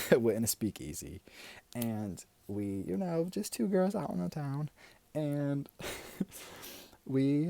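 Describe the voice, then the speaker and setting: A man's voice: mid-range voice, mellow, no room sound. A man playing a chatty middle-aged auntie in an ASMR role-play, rambling, giggling and repeating himself as he tells pointless stories close to the mic. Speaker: aunt character in role-play.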